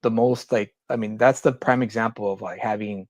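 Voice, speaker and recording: A man's voice: lowish voice, steady tone, a little fast, no room sound. A man co-hosting a casual podcast, talking in long rambling opinionated runs with many restarts. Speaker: podcast co-host. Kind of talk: casual chat.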